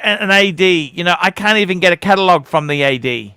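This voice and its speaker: A high, bright-voiced man hosts a casual livestream chat in a dry, close sound. He talks bluntly, swears freely and likes to mock others by putting on their voices. His tone is sharp and direct. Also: expressive, brisk, smooth, dry recording. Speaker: livestream host.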